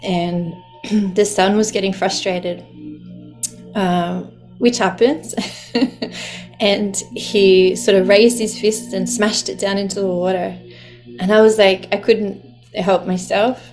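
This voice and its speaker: A woman's voice: medium pitch, flat delivery, slow pace, long pauses, a little mellow, soft background music. A woman telling a personal story in a heartfelt way, laughing often as she talks. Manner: heartfelt, laughs often, speaks of the ocean lovingly.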